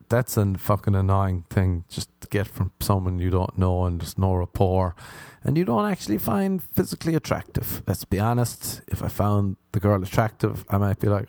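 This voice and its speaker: A man's voice: lowish voice, expressive, normal speed, darkish tone, dry recording. A young man, hosting a podcast and rambling through comic stories about himself in a self-mocking way. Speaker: comedian podcast host. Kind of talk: casual comedic monologue.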